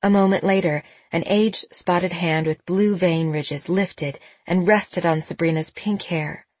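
A woman reads a novel aloud in a measured, expressive way. Her voice sits low with a husky, breathy edge, and the recording is close and dry. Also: no room sound. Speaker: narrator. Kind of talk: audiobook narration.

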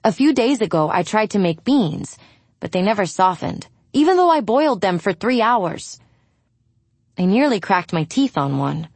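A woman narrating a first-person audiobook in a frank, wry, steady way. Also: lowish voice, dry recording.

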